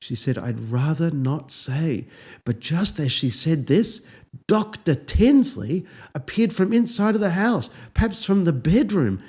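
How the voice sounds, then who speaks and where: A man, a professor, narrating a story in a dry, deadpan, unhurried manner. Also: a little high, husky.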